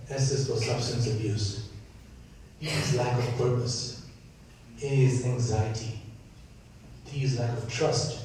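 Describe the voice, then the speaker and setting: A San Diego man with an Indian accent runs a panel discussion, his mid-range voice darkish in tone. The recording is distant and echoey with a little hiss or hum, and he speaks earnestly, frequently asking "right?".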